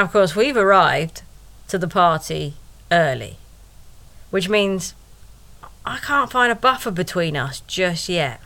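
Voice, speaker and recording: A woman telling a personal story at an unhurried, drawn-out pace. Her voice is bright and her delivery is wry and sarcastic, with asides thrown to the listener. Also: lowish voice. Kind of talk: first-person storytelling monologue.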